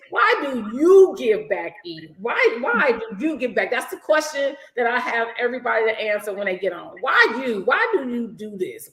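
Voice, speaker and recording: A woman with a lilt hosts a casual chat, talking in an animated, effusive, almost preachy way. Her voice sits a little high. The recording has a noticeable room echo. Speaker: host of a nonprofit program.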